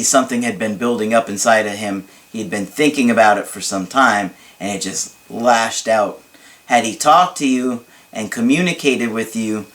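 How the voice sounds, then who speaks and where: A man's voice: medium pitch, fairly bright tone. A man working as a relationship coach, reading a viewer's letter aloud and answering it. He jokes and laughs at himself, then turns earnest when he explains. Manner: joking and self-mocking, laughing at his own asides.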